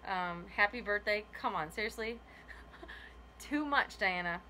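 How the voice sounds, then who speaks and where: A woman's voice: medium pitch, lively intonation, measured pace, bright, forceful tone, a little hiss or hum. A woman in a casual unboxing vlog, gushing over gifts with lots of laughs and gasps. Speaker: YouTuber opening a gift box.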